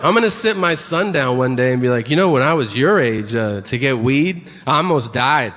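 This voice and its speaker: A man's voice: medium pitch, expressive, moderate pace, long reverb tail, noisy background. A man doing stand-up comedy with a wry, profane delivery, acting out the people in his stories. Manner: wry, profane, acts out quotes. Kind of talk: stand-up storytelling.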